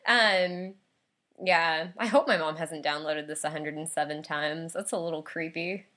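A woman's voice: low voice, unhurried. Laughing woman co-hosting a podcast. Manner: animated storyteller, laughs often. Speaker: podcast co-host. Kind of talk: casual chat.

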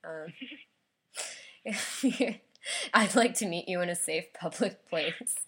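A woman's voice: on the low side, slow, breathy edge. A woman co-hosting a podcast, chatting casually and telling stories with plenty of laughter. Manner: animated storyteller, laughs often. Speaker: podcast co-host. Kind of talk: casual chat.

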